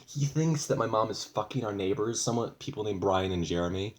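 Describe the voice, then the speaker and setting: Talking straight into his camera, a young vlogger vents in a loose, rambling way, swearing often and sounding fed up. His voice is fairly low for a man, with lively intonation and a slightly fast pace that hardly pauses. He keeps restarting sentences and piling on asides.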